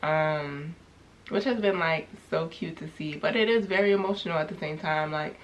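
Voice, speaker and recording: A young woman vlogger speaks candidly to her camera in a casual personal vlog, rambling with many fillers as she reflects on grief. Her voice is low and her speed normal, with a little hiss or hum in the recording.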